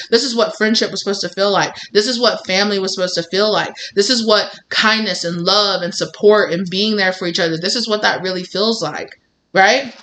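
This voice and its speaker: A woman reads tarot for her viewers in a loose, chatty way. She rambles and circles back, filling her talk with "like" and "you know." Her voice sits at an ordinary middle pitch. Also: fairly quick, a bit bright, slight background noise. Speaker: tarot reader. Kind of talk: casual tarot reading to viewers.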